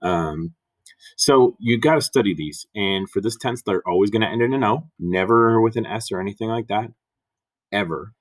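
A man's voice: lowish voice, normal speed. A man teaching Spanish grammar in a recorded lesson, patiently repeating and spelling out examples.

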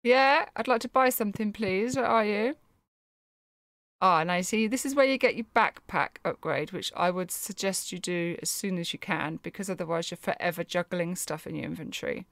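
A woman's voice: fairly low pitch, moderate pace, a bit bright, dry recording, clean studio sound. A woman giving let's play commentary while playing a game, with wry, chatty asides. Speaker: gameplay streamer.

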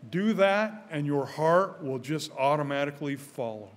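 An older man preaching a sermon in a church, earnest, often repeating his first words, growing louder when stirred. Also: on the high side, expressive, normal speed, hardly any pauses. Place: church sanctuary. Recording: church hall with long reverb.

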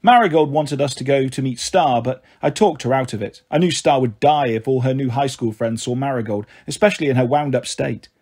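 A man reading a children's novel aloud as narrator, with expressive storytelling. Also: mid-range voice, brisk, hardly any pauses, breathy edge. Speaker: audiobook narrator.

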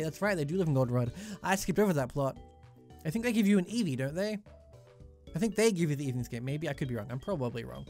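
This let's play gamer, a young man with a fairly high voice and big pitch swings, talks fast while rambling and joking through a video game, with faint music behind him.

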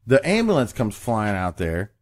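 A man's voice: lowish voice, huge pitch swings, normal speed, dry recording. Man, podcast host, loose and profane storyteller. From Appalachia. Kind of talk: casual chat.

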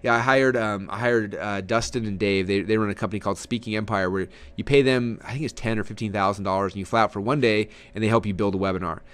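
A man running a recorded webinar training, talking at a quick clip with lots of energy. He leans forward and gestures as he explains, and his words tumble out fast, close to the mic. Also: fairly low pitch, smooth. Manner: energetic, animated delivery, sitting forward and gesturing. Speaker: marketing trainer.

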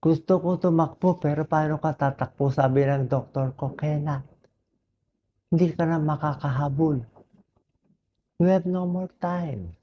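A middle-aged Filipino man, a doctor, speaking hoarsely in a slow and earnest personal appeal that mixes English with Filipino. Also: fairly high pitch, dull audio, slight background noise. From Philippines.

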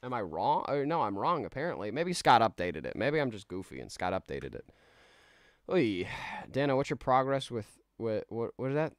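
A man's voice: medium pitch, sing-song, moderate pace, no echo. A man streaming a game live, rambling in a laid-back way with many restarts as he reads out chat. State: tired.

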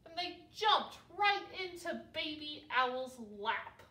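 Woman librarian, baby storytime, slow and sing-song, echoey and off-mic. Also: high voice, big pitch swings, sharp tone. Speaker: children's librarian. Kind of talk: storytime read-aloud for babies. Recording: roomy, from a distance.

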